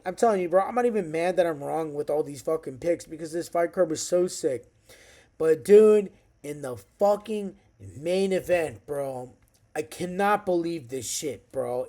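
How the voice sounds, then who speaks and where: A man in his thirties giving an excitable, profanity-heavy casual recap of a fight night as a vlogger. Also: high-pitched. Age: 30s.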